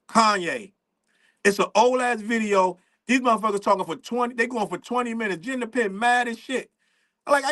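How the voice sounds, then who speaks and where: A man with a notably high-pitched speaking voice hosts a casual commentary show. He rants in a profane, animated style and breaks into laughs between points. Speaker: show host.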